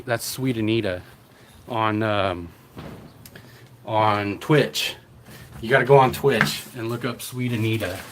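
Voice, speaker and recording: A man's voice: medium pitch, a bit bright, roomy sound, slight background noise. A young man rambling casually to his viewers, swearing freely as he chats about his day. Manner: rambling, profane, chatty. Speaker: vlogger.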